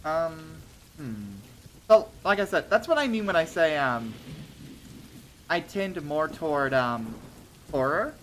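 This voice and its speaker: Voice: medium pitch, animated, slow pace, pauses often, a bit bright, a little hiss or hum. A streamer telling short stories on a casual livestream, hesitant with many ums and restarts, laughing between thoughts.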